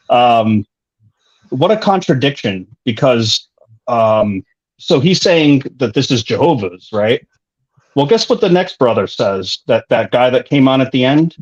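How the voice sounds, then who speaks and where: A man's voice: mid-range voice, expressive, slow, pauses often, muffled recording. A man co-hosting a casual commentary chat, talking in an indignant, rambling way with many restarts. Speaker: co-host.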